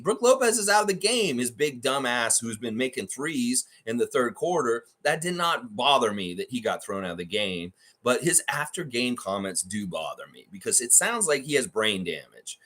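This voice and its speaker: A man rants on a fan livestream with a husky, slightly rough voice that leaps up and drops low as he talks. He is heated and profane, mocking everything he talks about. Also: sharp tone. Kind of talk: ranting fan reaction livestream.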